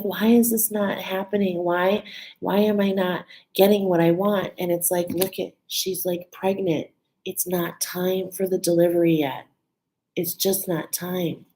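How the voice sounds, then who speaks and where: A woman's voice: medium pitch, warm tone, poor audio. A woman giving a casual spiritual card reading, chatty, often checking in with "okay?" and "right?". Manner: emotional, laughing and near tears at times.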